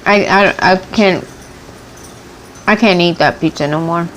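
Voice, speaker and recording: A woman's voice: fairly low pitch, unhurried, a bit bright, slight background noise, rough recording. A woman hosting a mukbang eating show, chatting and rambling casually between bites, with a runny nose. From United States. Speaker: mukbang vlogger.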